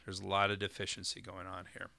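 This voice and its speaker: A man hosting an educational podcast, explaining terms in a relaxed, meandering way with frequent fillers. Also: deep voice, quick pace, vocal fry, no room sound. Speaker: podcast host.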